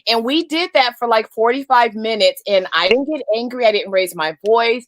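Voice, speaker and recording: A woman's voice: fairly high pitch, moderate pace, no echo. A woman in a casual livestream chat, telling a candid, wry story.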